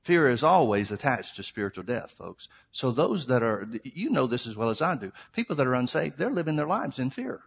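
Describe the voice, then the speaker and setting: A man's voice: medium pitch, very animated, brisk, creaky, few pauses, husky. A middle-aged man preaching a sermon, reading scripture and asking the congregation rhetorical questions in a plain, conversational way.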